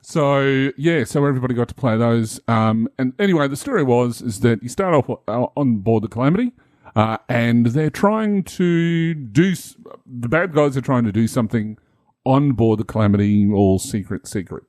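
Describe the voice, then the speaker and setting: A man's voice: medium pitch, expressive, normal speed, a little mellow, dry recording, studio quality. A man, a game master co-hosting a casual podcast, rambling and self-deprecating with many fillers.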